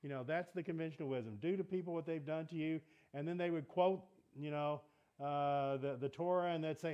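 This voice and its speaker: A man's voice: fairly high pitch, fairly quick, smooth, muffled recording. A man teaching a casual Bible study in a church meeting room, talking in a conversational way and asking the group questions.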